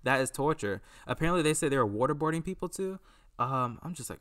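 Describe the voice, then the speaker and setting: A man hosting a podcast, talking in a casual, rambling and animated way, often acting out what people said. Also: medium pitch, fast talker. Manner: rambling, animated, acts out quotes. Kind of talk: casual solo commentary.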